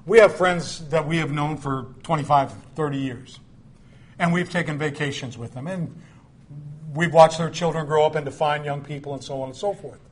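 A middle-aged man delivers a sermon in an easygoing, chatty manner. He drifts into personal stories and side remarks to his listeners. His voice sits a little higher than most men's. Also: normal speed. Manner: conversational storytelling with asides. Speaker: preacher.

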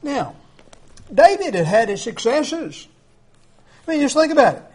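A man's voice: very high voice, big pitch swings, unhurried, a little mellow. A man preaching a conversational sermon, emphatic, with frequent filler words.

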